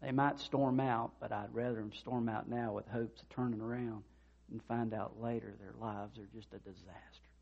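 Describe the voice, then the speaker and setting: A man's voice: lowish voice, moderate pace, creaky, dull audio. A man preaching a sermon in a conversational way, acting out the people in the stories he tells. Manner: conversational preaching with animated retold dialogue. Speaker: pastor.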